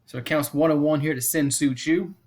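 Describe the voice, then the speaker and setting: A man hosting a fan live stream, giving casual play-by-play commentary, repeating the count and score often and chatting to viewers between pitches. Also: steady tone, fairly quick, darkish tone.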